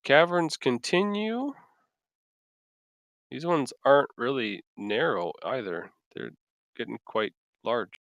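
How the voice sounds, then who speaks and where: A man narrating as dungeon master of a tabletop game, halting and full of fillers. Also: medium pitch, expressive, creaky, a bit bright, no echo.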